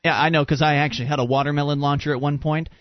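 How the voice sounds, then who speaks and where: A man's voice: fairly high pitch, flat delivery, rapid-fire, dry recording. A man hosting a call-in talk radio show, with wry, joking asides. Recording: dull, muffled radio broadcast.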